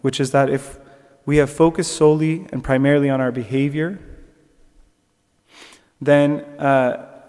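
A man's voice: mid-range voice, unhurried, long pauses, clear, resonant tone, long reverb tail. A young man giving a conversational sermon reflection, with fillers and restarts. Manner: conversational, with fillers and restarts, animated when telling stories. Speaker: preacher.

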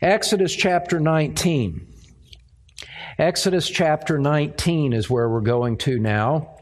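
A man preaching an expository sermon, speaking deliberately and repeating words as he finds his phrasing. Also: a little high. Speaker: pastor.

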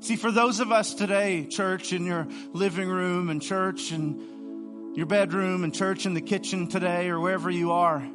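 A man preaching a streamed sermon, earnest and pleading, moving between hushed passages and fervent ones. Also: sits high, fairly even intonation, normal speed, over music. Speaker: pastor. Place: streamed online service.

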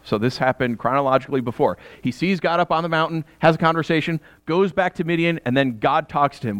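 A man's voice: mid-range voice, no echo. A middle-aged man preaching a sermon in a chatty, conversational way, with asides to his congregation and bursts of laughter. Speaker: pastor.

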